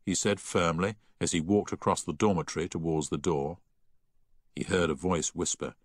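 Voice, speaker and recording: A man reading a novel aloud as narrator in a measured storytelling manner. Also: low voice, fairly bright tone, dry recording, clean studio sound. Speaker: audiobook narrator. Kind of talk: scripted narration.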